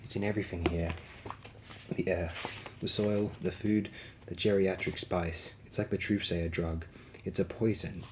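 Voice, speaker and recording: A young noble heir speaks with iron control and cold bitterness, as a man reading the book gives him voice. The voice sits very low, and a faint hiss runs under this audiobook reading. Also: fairly even intonation, normal speed, lightly acted. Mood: grim. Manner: iron-hard, bitter, commanding.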